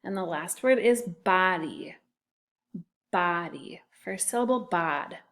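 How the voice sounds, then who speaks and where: A woman's voice: fairly low pitch, animated, slow pace, a bit bright. A woman teaching a phonics lesson to young children, patiently sounding out and spelling words. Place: classroom.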